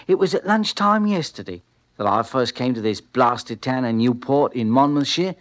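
An actor playing a poor drifter, chatty and cheeky, narrating in an old-time radio drama. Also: male voice, medium pitch, expressive, moderate pace, lightly acted. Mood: wry. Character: poor male drifter, down on his luck.

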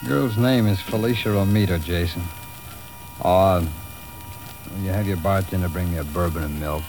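An actor playing a dry, blunt business manager in a 1950s radio drama, heard in an old recording with a hum behind him. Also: male voice, sits low, normal speed, darkish tone.

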